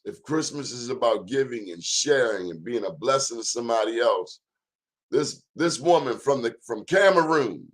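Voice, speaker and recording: Emphatic male talk show host. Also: medium pitch. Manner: preachy, emphatic, folksy.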